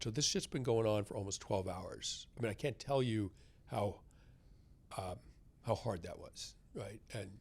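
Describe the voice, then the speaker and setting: A middle-aged man from the United States, a guest author telling a personal story in a candid interview, talking conversationally and often adding "right?". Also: mid-range voice. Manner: conversational, tag questions, swings loud and soft.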